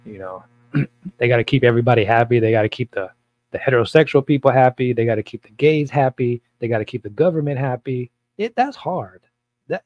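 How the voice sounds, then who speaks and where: A man's voice: mid-range voice, lo-fi sound. A man who is a pastor, talking in a blunt, provocative, rambling way with many repeats during a casual Bible study.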